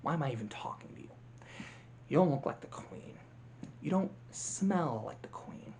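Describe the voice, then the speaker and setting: A vlogger putting on a cold, tyrannical grasshopper villain from a cartoon. The voice drops low and hushed into a sneering, threatening whisper. Every word comes out slow and menacing, with big swings in pitch. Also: lively intonation, slight background noise.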